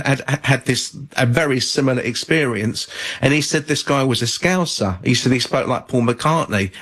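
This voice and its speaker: A man, a guest author on a radio talk show, telling a story in a measured, thoughtful way with some fillers. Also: mid-range voice, a bit bright, rough recording.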